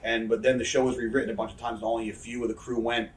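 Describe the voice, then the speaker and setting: Guy in his 30s swearing his way through quick war stories, sounds far off in a echoey room. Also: mid-range voice, little pitch movement. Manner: profane, rambling storytelling. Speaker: interview guest, wrestler. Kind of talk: casual shoot interview.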